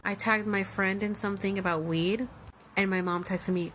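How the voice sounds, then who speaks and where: A woman's voice: medium pitch, fairly even intonation, moderate pace, a bit bright, a little hiss or hum. A woman in her thirties telling her own story in a candid vlog, emotional and blunt, swearing freely. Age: 30s. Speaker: vlogger.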